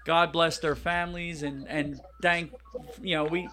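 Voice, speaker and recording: High, bright-voiced male podcast host. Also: little pitch movement, a little slow, slight background noise. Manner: blunt, joking, loud when riled. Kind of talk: casual chat.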